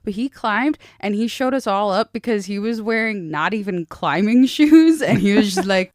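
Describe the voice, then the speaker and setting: A young woman co-hosting a podcast in casual chat, bubbly and a little hoarse, swearing freely and laughing often. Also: medium pitch, lively intonation, normal speed, no room sound, clean studio sound. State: slightly hoarse. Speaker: podcast co-host.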